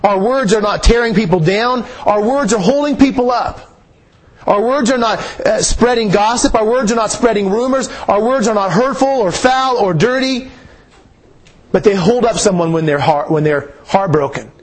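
A man's voice: high-pitched, normal speed. A man preaching a sermon in an earnest way, repeating phrases for emphasis.

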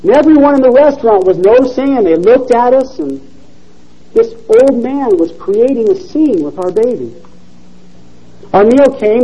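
A man preaching a sermon and reading a story aloud in an earnest, expressive manner. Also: high-pitched, normal speed, breathy edge, poor audio.

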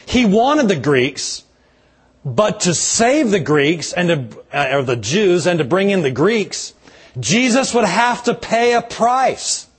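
A man, a pastor, delivering a slow, measured sermon with dramatic pauses and a husky voice. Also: high voice, big pitch swings.

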